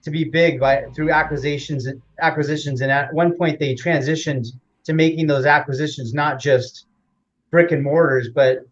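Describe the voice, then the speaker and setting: Male interview guest, slightly high voice, rambling with fillers, lo-fi audio. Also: steady tone, moderate pace. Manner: rambling, many fillers and restarts. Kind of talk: casual explanatory interview.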